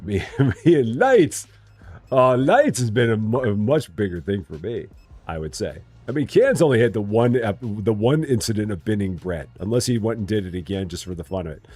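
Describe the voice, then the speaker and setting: A man with a low voice commentates a live game stream and chats with his viewers. His delivery swings widely, with teasing jokes and little sing-song asides. Faint music plays underneath. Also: sing-song, normal speed, a little mellow, husky, no room sound. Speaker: gaming streamer.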